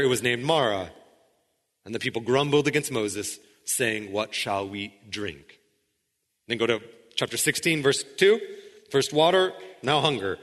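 Preaching man in a reverberant hall. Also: mid-range voice. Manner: conversational preaching with repeated restarts, dropping to quiet intensity. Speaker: pastor. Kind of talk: sermon.

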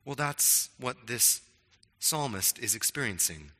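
Bright-voiced man preaching in echoing hall. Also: medium pitch, expressive, a little slow. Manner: conversational, frequent "right?" and stammered restarts. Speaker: pastor. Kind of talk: sermon.

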